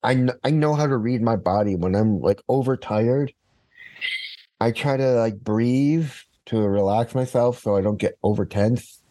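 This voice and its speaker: Low mellow guy, chatty storyteller, dry sound. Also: a little slow, no echo. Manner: storytelling, quoting others. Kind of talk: casual conversation.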